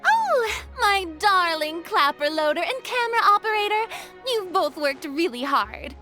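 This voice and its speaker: A woman's voice: very high voice, big pitch swings, a little slow, bright, forceful tone, soft background music, exaggerated voice. A woman voicing a theatrical, vain young diva in a video game, dramatic and easily flustered. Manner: dramatic and showy.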